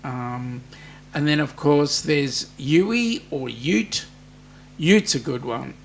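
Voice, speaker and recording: A man's voice: on the high side, slow, gravelly, a little hiss or hum. An Australian man hosting a casual live chat, reading out viewer comments with lots of ums. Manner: chatty, many ums, reads viewer comments aloud.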